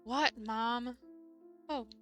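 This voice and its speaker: A sardonic young woman with a dry, sharp edge, put on by a woman reading a game aloud. Her voice sits high and lifts further when she is annoyed, with faint music underneath. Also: fairly even intonation, drawn-out words.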